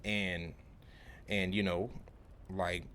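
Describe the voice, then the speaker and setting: A man's voice: low-pitched, level tone, very slow, fairly bright tone, slight background noise. A young man telling a rambling, casual vlog story about his work day, full of slang and restarts. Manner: rambling, lots of fillers and restarts, laid-back slang. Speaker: vlogger, electrical apprentice.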